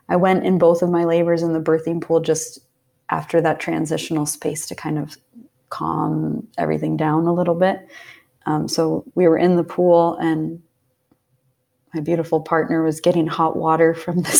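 A woman from Pennsylvania, a podcast guest, telling a personal story in a heartfelt way, sometimes dropping to a soft whisper. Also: fairly low pitch, vocal fry. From Pennsylvania, USA. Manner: heartfelt, drops to soft whispers when recalling intense moments. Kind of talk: casual storytelling.

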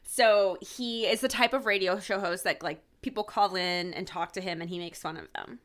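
A woman's voice: medium pitch, moderate pace. Woman podcaster animatedly recapping an episode. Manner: animated retelling, many "like"s, acting out quoted lines. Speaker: podcast co-host. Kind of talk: casual chat recapping a TV episode.

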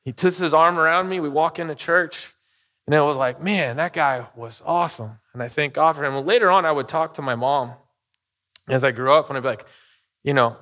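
A man's voice: a little high, fairly quick, pushed and bright. A middle-aged man preaching a sermon as pastor, talking casually and telling personal stories, checking in with "okay?" and "right?". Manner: conversational, storytelling, frequent "okay?" and "right?" asides. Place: church sanctuary. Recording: long reverb of a church hall.

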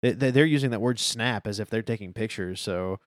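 A man's voice: fairly low pitch, fairly quick, no echo. A man co-hosting a podcast, chatting in an easygoing, agreeable way about manga chapters, his sentences trailing off. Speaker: podcast co-host discussing a manga. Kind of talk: casual chat.

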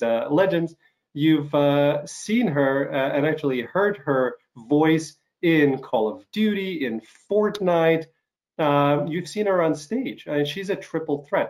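A man hosting an interview show, recovering from an illness and coughing now and then, speaking haltingly with many fillers and restarts. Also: a little high, darkish tone. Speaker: talk show host. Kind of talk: casual interview chat.

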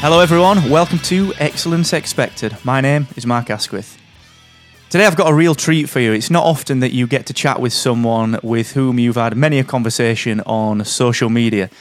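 A man's voice: mid-range voice, faint music behind. Upbeat man hosting a business podcast. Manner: upbeat, chummy, brisk introductions. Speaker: podcast host.

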